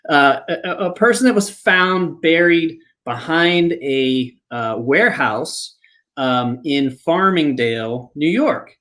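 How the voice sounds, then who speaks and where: A man's voice: on the high side, expressive, slow, fairly bright tone. A man hosts a live podcast and tells a story in a loose, chatty way. He circles back, restarts his sentences and leans on plenty of fillers as he goes. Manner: rambling, full of fillers and restarts. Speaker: podcast host. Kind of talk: casual storytelling. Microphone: podcast microphone, live online.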